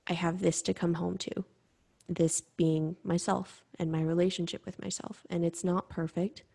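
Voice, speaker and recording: Gravelly, mellow-voiced young woman. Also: on the low side. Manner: candid, reflective, halting. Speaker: podcast host. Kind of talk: personal monologue.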